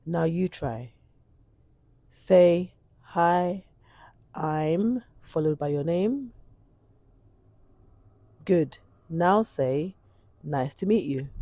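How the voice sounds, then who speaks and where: A woman's voice: fairly low pitch, mellow, dry recording. A woman teaching an English lesson for learners, speaking in a patient, instructive way.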